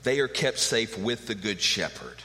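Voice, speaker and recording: A man's voice: fairly low pitch, sing-song, moderate pace, bright, forceful tone. A middle-aged man preaching a sermon with emphatic rhetorical questions. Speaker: pastor. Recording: long hall reverb.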